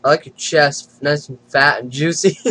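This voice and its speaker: A man hosts a prank video chat in a loose, casual way. He giggles often and teases the strangers he meets on camera. His pitch swings up and down in a lively, bouncing way. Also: measured pace, breathy edge. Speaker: channel host.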